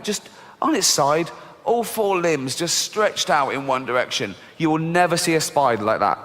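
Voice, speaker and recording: A middle-aged man performing a deadpan stand-up comedy routine on a theatre stage, swearing freely and putting on squeaky voices for children. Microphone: stage microphone. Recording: live show recording with long hall reverb and faint background noise. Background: live audience laughter.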